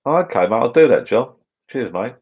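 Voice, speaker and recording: A man's voice: medium pitch, lively intonation, moderate pace, slightly rough. A middle-aged English man hosting a casual livestream from his garden bar, chatting and answering viewers in a rambling, matey way. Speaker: livestream host. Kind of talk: casual live chat reading viewer comments. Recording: dull lo-fi livestream audio.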